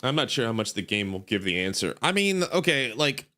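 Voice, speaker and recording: A young male streamer giving casual commentary on his first playthrough in a sleepy, relaxed, rambling way, full of fillers. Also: medium pitch, fairly quick. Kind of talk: casual let's-play commentary.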